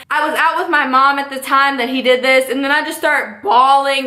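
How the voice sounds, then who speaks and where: A young woman telling a story in a casual vlog, sassy and animated, full of slang. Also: sits high, brisk, few pauses, echoey room. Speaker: vlogger.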